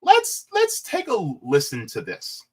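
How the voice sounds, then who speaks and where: A man's voice: sits high, huge pitch swings, takes it slowly, a little mellow, slightly rough. A man giving mocking, sarcastic reaction commentary, leaning hard on key words.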